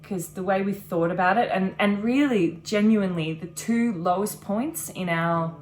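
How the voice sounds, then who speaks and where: A woman's voice: medium pitch, normal speed, darkish tone. A woman in her thirties chatting casually on a vlog, earnest and reflective, talking in long run-on sentences. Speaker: vlogger. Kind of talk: casual chat.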